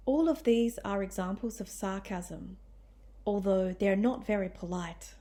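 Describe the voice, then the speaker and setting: Slow, deliberate woman teaching English. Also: medium pitch, warm tone. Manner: clear, deliberate, demonstrates tones of voice. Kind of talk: scripted lesson narration.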